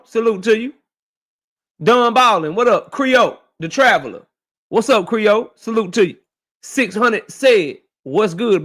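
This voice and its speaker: Dude on a livestream, kinda high voice, laid back, shouting out everybody in chat. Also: male voice. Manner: laid-back, slangy, greets viewers one by one. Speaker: livestream host. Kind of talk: casual live-stream shout-outs.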